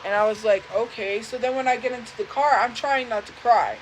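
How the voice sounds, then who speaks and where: A young woman telling a personal story live, speaking earnestly and haltingly and often repeating herself. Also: a little high, a little hiss or hum, low-quality recording. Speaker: livestream host.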